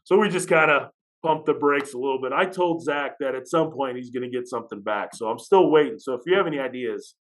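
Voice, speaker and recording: An energetic man working as an athletic director tells a story from his job on a podcast. His voice sits in a middle register. He throws himself into the telling and acts out the other people's lines. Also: mid-range voice, fast, few pauses, low-quality recording. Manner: animated storyteller who acts out what others said. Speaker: high school athletic director.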